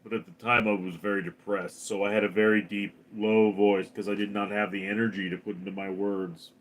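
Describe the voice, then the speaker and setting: In a brisk, lowish voice, a man runs a casual livestream, calling out the names of commenters. He responds to each one animatedly.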